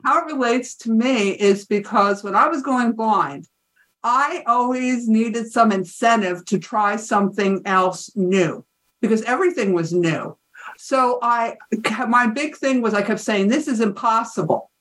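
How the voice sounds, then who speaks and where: A woman's voice: fairly high pitch, unhurried, fairly bright tone. A woman interview guest, telling a personal story in a reflective way. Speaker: guest, author. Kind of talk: interview talk.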